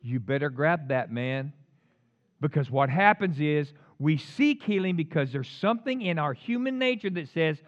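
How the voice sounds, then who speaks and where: A man preaching a sermon, swinging between loud emphatic lines and quiet asides. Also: a little high, lively intonation, moderate pace, dull audio. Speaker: pastor.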